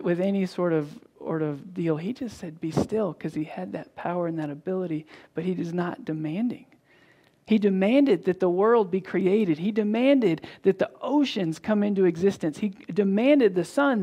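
Pastor preaching a sermon, conversational, restarts and repeats often, mid-pitched voice, acts out the dialogue in stories. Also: a little mellow. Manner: frequent restarts and repetitions.

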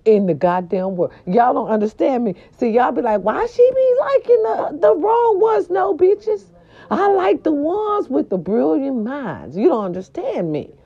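A woman dishes celebrity gossip in a loud, profane, animated monologue. Her fairly high voice leaps all over in pitch, and her tone stays mellow. The recording sounds dull and lo-fi. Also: slightly rough. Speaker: gossip show host.

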